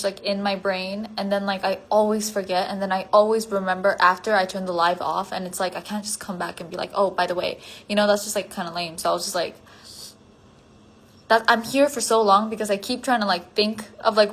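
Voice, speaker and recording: On a solo phone livestream, a tired woman chats casually, answering fan comments and rambling with many "like" fillers and drifting thoughts, sometimes dropping to a soft near-whisper. Her mid-range voice is steady in tone and a little fast.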